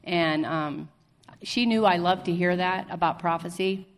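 A woman's voice: lowish voice, unhurried. Woman telling her conversion story. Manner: earnest, animated retelling with quoted dialogue. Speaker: testimony speaker. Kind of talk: personal testimony storytelling.

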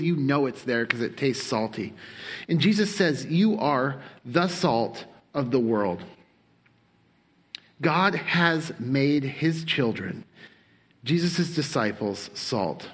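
A male pastor preaching a sermon in an emphatic manner, slowing down to stress phrases and speeding up for quick asides. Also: on the high side, slightly rough. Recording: long hall reverb.

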